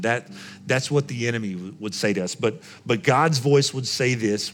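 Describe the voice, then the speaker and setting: A man's voice: medium pitch, moderate pace, fairly bright tone, soft background music. Man preaching with repeated, emphatic phrases. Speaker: pastor. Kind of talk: sermon.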